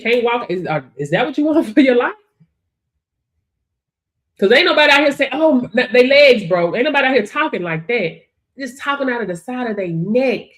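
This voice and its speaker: Woman livestream host, motivational talk, fairly high voice, swooping animated pitch, laughs often. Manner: animated and preachy, laughs often, addresses viewers directly.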